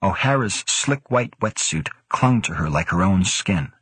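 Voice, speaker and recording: A man with a husky voice reading a story in a steady, measured way. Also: deep voice, no room sound. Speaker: audiobook narrator. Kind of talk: scripted narration.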